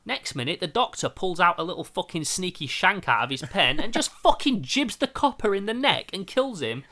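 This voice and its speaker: A man talking through a film on a casual podcast, his voice bright and sharp. He gets animated and sweary, jumping into little acted-out bits of dialogue as he tells the story. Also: high-pitched, normal speed. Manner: animated, sweary, acts out scenes. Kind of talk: casual film review chat.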